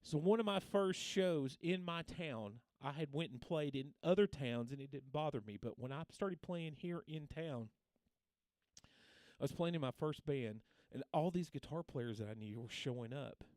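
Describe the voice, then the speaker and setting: A man's voice: on the high side, animated, moderate pace, darkish tone, no room sound. A man hosting a casual guitar livestream, telling long rambling stories with many restarts and reading out viewer names. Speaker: guitar teacher and livestream host.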